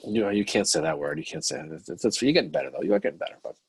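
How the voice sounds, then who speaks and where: Male co-host, casual, husky and low, fast and animated, restarts a lot. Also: dry recording. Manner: rapid, animated, repeats words at restarts. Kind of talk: casual chat.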